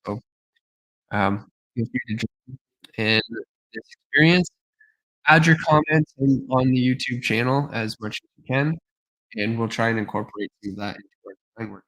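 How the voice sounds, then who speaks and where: A man's voice: mid-range voice, moderate pace, long pauses, a bit bright, low-quality recording. A man hosting a design livestream, thinking aloud with many fillers, tired and slightly losing his voice. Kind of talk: casual livestream commentary.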